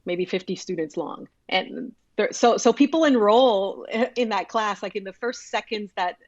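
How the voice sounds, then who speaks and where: A woman's voice: medium pitch, moderate pace, a little mellow, no echo. Woman, from Brazil, native Portuguese, professor, earnest interview talk, dry dull recording. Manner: earnest, lots of restarts and little laughs. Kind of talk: podcast interview.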